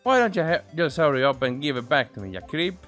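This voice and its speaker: A man putting on a loud, folksy gal photographer. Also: a little high, very animated, quick pace, faint music behind. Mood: frantic. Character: brash young female photographer, pushy.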